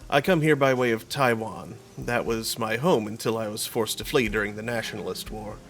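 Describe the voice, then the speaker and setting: A man's voice: fairly low pitch, moderate pace, a bit bright, soft background music. A man voicing a suave, self-assured male drug dealer in a game. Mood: candid. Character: smug smooth-talking male drug dealer.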